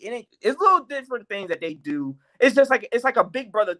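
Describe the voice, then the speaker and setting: Lively man telling a comedy tale. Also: high-pitched, quick pace, few pauses. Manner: lively, acts out quotes, laughs often. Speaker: guest comedian. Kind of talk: animated storytelling in a podcast interview.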